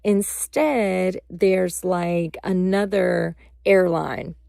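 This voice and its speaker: A woman vlogger tells a personal story in a casual, unhurried way, with a heavily gravelly, fry-laden voice. She talks straight to her viewers, and the sound is close and dry with no room to it. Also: fairly low pitch, dry recording. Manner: animated, addresses viewers directly.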